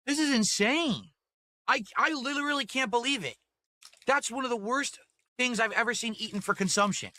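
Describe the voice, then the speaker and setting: A man's voice: extremely high pitch, normal speed, pushed and bright, no echo. A man reviewing food on camera from his desk at home, ranting indignantly and repeating himself. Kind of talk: angry food review rant.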